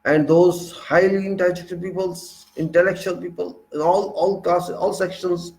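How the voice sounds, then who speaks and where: A man's voice: high voice, flat delivery, moderate pace, creaky, a little mellow, rough recording. A man with an Indian English accent giving an indignant political monologue, full of rhetorical questions and repeated phrases. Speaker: political commentator.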